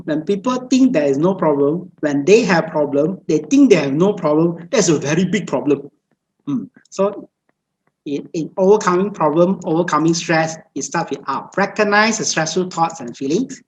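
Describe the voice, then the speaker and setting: A woman gives a Buddhist dharma talk over a video call, her voice low. She speaks in repetitive, list-like phrases and often stops on hesitant fillers. Faint noise sits behind her. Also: darkish tone, rough recording. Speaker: meditation teacher.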